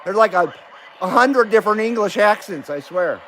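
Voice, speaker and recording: High-voiced joking middle-aged man. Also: lively intonation, normal speed, a bit bright, a little hiss or hum. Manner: joking, easygoing banter with radio contacts. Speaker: live-stream host on CB radio. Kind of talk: casual live-stream chat.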